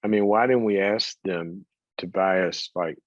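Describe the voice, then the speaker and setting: A man telling a story in a motivational talk, animated, laughing often and repeating words as he goes. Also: low voice, unhurried, no room sound. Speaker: psychologist and speaker. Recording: dry, slightly dull sound.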